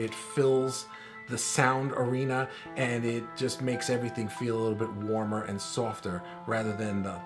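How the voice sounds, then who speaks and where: A middle-aged man teaching a recorded course lesson in a relaxed, conversational way, with filler words. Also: mid-range voice. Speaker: course instructor.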